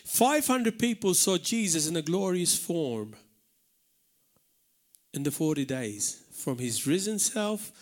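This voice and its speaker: A man's voice: high-pitched, sing-song, a little slow. A man preaching a live sermon in church, earnest and emphatic, repeating words for stress. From Malta. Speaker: pastor. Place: church hall, live service.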